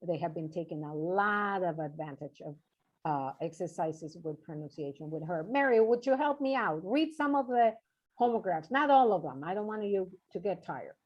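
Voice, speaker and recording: A woman's voice: fairly low pitch, expressive, moderate pace, a little mellow, dull audio. Woman teacher running an online lesson. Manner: encouraging, checks in with "okay?". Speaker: workshop presenter. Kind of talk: online English teaching session.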